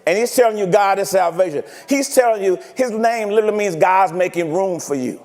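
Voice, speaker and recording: High-voiced preacher in an echoing church. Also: male voice, fairly quick. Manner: animated, teasing preaching with rhetorical questions. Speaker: pastor. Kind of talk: sermon. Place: church sanctuary.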